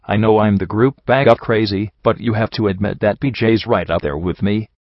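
A man's voice: lowish voice, fairly even intonation, moderate pace, no echo, muffled recording. A man reading the brash, mocking mare fighter Rampage in an audiobook. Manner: mocking, flippant.

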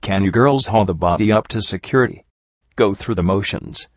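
A jaded mare security guard, read by a man, talks in a bored, blunt way and swears often. The voice stays low. It is a dry, slightly dull recording. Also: normal speed, dry recording, lightly acted.

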